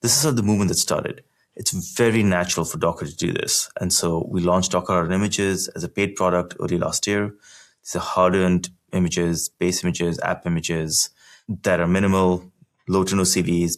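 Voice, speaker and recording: A man with a very low voice and a gravelly, fry-edged tone, speaking as a podcast guest. He explains technical topics in a relaxed, conversational way. His sentences run loose, with plenty of "like" and restarts. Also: a little fast. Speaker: podcast guest, engineering executive.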